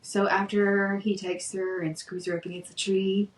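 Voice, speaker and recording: A woman's voice: medium pitch, little pitch movement, moderate pace, reverberant, far from the mic, rough recording. A woman co-hosting a podcast, recapping a book's plot in a chatty, playful way. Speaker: podcast co-host. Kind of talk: casual book-review chat.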